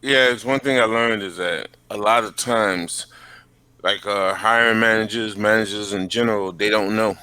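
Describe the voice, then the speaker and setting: A man, podcast co-host, chatting casually and relaxed. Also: fairly low pitch, normal speed, smooth. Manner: relaxed, short affirmations. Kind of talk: casual chat.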